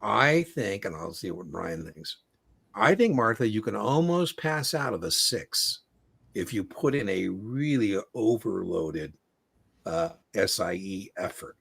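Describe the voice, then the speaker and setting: A man hosting a casual livestream Q&A as an exam prep coach, chatty and animated, telling stories. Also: fairly low pitch, a little slow, gravelly, breathy edge.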